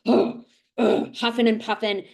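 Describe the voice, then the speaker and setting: A woman's voice: a little high, unhurried, gravelly. A woman presenting a parenting webinar as a nurse, casual and conversational, often checking in with "right?" and acting out little scenes. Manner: conversational, with frequent "right?" tags and animated acted-out asides. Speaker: nurse and lactation consultant presenter.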